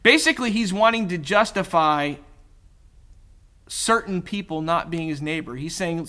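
Male pastor, conversational sermon delivery, self-deprecating humor, bright tone. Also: a little high, normal speed. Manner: conversational, self-deprecating, voices quoted characters. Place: church.

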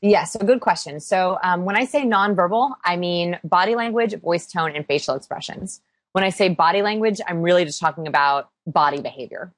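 A woman interviewed as an expert, explaining energetically with quick examples. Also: lowish voice, no echo. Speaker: interview guest, body language expert. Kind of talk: podcast interview.

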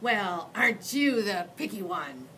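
A woman's voice: mid-range voice, sing-song, measured pace, a bit bright, slight background noise. A woman voicing a sassy, touchy girl monster who talks in a snappy, indignant way.

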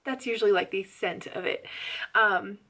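A young woman telling a story to her vlog camera in a chatty, animated way, laughing often and saying "like" a lot. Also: mid-range voice, moderate pace. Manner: animated and loud. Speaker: pregnancy vlogger.

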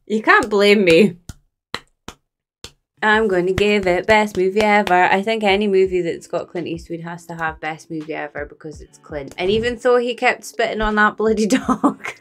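A woman's voice: medium pitch, moderate pace, faint music behind. A woman chatting and reacting aloud while watching a movie, exclaiming and laughing along. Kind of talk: casual reaction commentary.

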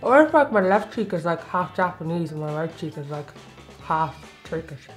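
A woman's voice: lowish voice, sing-song, a little fast, soft background music. A young woman with an Irish accent, chatting casually on camera and filling her talk with little fillers. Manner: chatty, uses lots of fillers. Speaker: contributor taking a test.

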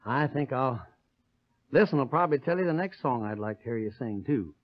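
A man's voice: mid-range voice, lively intonation, moderate pace. A man hosting a radio music show, chatting and reciting verse in an easygoing homespun way. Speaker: singer and radio host. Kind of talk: folksy radio banter and recitation. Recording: dull lo-fi 1930s radio transcription.

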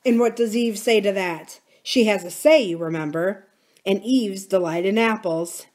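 A woman reading the part of a thoughtful older farmer, in a musing, gently philosophical manner. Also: high-pitched, moderate pace, natural voice. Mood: gentle.

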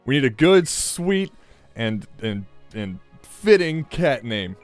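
A man's voice: medium pitch, big pitch swings, takes it slowly, soft background music. A man hosting a let's play, giving casual, jokey gameplay commentary and swearing freely.

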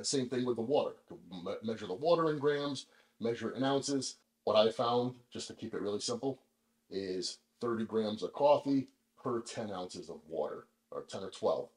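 Male host, relaxed chatty demo, mid-pitched voice, roomy kitchen echo. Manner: relaxed, chatty, many fillers. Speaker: vlog host. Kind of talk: casual demonstration.

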